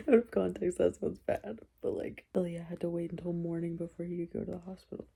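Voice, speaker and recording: A young booktuber at home gushes and rambles about her reading, speaking fairly quickly in loose, excited run-on sentences packed with filler, like a casual vlog to her viewers. Her voice is low and flat, gravelly with fry and a husky edge.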